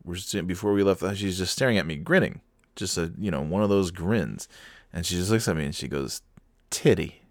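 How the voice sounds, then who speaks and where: A man telling a family story in a casual, animated way, with laughs and quick restarts. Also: sits low, no room sound, clean studio sound.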